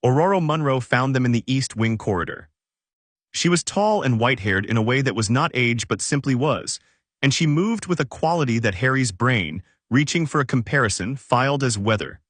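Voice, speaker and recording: A man reading a story aloud in steady, even scripted narration. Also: mid-range voice, normal speed, no echo.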